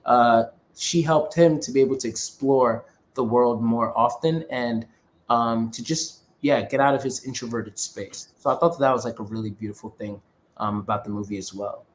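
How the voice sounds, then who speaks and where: A man's voice: medium pitch, normal speed, a little hiss or hum. A man co-hosting a podcast, casually analyzing a film and rambling with lots of filler words. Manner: rambling, frequent filler words, laughs easily. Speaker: podcast co-host.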